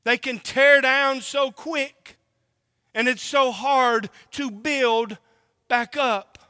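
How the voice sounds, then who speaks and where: Preacher, male, from Oklahoma; very high, bright delivery in a reverberant hall. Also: steady tone, clean tone. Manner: emphatic, drawn-out preaching with rhetorical questions. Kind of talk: sermon.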